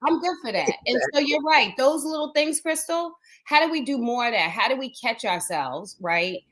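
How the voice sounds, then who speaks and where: Higher-voiced woman, earnest chat. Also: animated, moderate pace, fairly bright tone. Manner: earnest, asks "right?" for agreement. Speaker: co-host. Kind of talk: casual chat.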